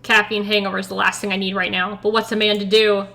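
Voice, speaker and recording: A woman's voice: medium pitch, little pitch movement, quick pace, vocal fry, pushed and bright. A woman streaming a game, giggly and playful in casual chat.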